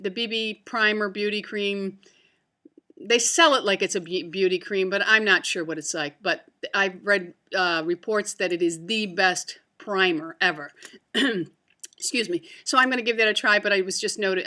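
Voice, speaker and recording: A woman's voice: medium pitch, pushed and bright. A woman reviewing beauty products to camera in a casual, chatty way, with many fillers and restarts. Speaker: beauty vlogger.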